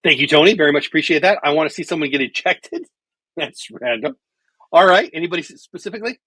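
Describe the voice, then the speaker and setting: A middle-aged man hosting a baseball watch party livestream from home, chatting casually and calling the plays with excitement. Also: on the high side, fast, slightly rough, no room sound. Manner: chatty, thinks out loud, calls plays excitedly. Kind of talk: casual live baseball commentary.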